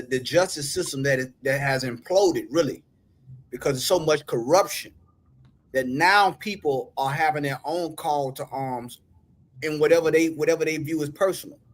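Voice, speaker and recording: A man's voice: a little high, moderate pace. A man hosting a casual panel discussion, preachy in tone, citing scripture and often asking if you follow. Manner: preachy, quotes scripture, keeps asking "you know what I'm saying".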